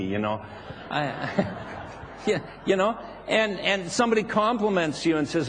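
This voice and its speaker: A man's voice: a little high, animated, normal speed. A man giving a playful live seminar talk, often laughing and acting out what people say. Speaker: seminar speaker. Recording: long reverb of a hall.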